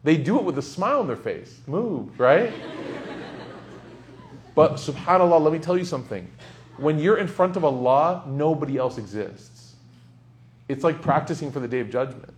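Animated, joking man preaching. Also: a little high, moderate pace, pauses often, slight background noise. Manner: humorous, animated storytelling with loud bursts. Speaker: Islamic speaker. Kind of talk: casual sermon.

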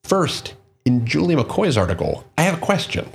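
A man's voice: on the high side, sing-song, moderate pace, gravelly, breathy edge. A man giving a solo talk on marketing, reading out quotes and figures and then stressing his own points. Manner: reads quotes and statistics, then comments emphatically. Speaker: marketing commentator.

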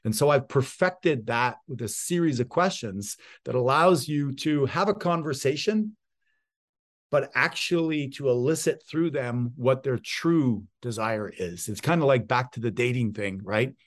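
A man's voice: mid-range voice, a little slow. A middle-aged man in a conversational interview, giving real estate sales advice and acting out the voices of people he quotes. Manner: animated storyteller, acts out quoted voices. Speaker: real estate guest expert.

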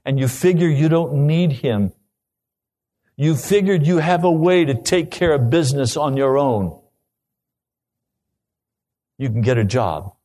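A man's voice: medium pitch, animated, a little slow, pauses often, mellow. A man preaching a sermon, telling his own testimony earnestly and then pressing urgent questions on the listener.

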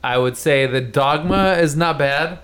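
A man's voice: fairly high pitch, unhurried, a bit bright, smooth. A man chatting casually on a podcast, sardonic, swearing and laughing often.

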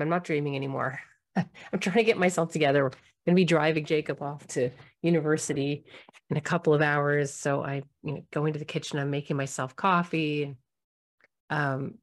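Low-voiced mother telling a story. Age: middle-aged. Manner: warm, reflective, acts out quoted voices. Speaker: parenting speaker. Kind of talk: personal storytelling talk.

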